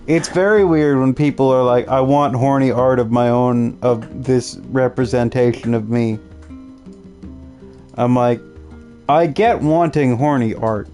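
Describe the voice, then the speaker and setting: A man's voice: medium pitch, steady tone, unhurried, darkish tone. A young male streamer chatting over his gameplay, rambling from one story to the next and mimicking the people in them. His voice sits mid-range, and faint game music plays behind him. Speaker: gaming streamer. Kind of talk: casual let's-play chat.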